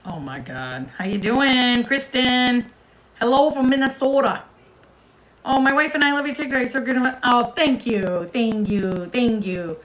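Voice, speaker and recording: Woman livestream host, chatty and casual, voice a bit high. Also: a little slow, a bit bright, rough recording. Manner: chatty, talks to viewers in the comments.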